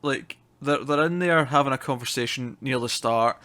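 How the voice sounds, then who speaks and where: Guy chatting about a tv episode, lively and sweary, laughs a lot. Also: medium pitch. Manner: animated, swearing, quick to laugh. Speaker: co-host. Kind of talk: casual TV review chat.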